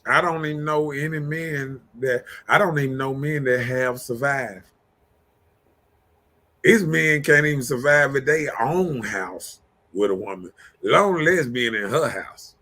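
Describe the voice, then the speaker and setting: A man's voice: medium pitch, unhurried, sharp tone. A man hosting a casual live-stream chat, joking and laid-back as he talks. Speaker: show host.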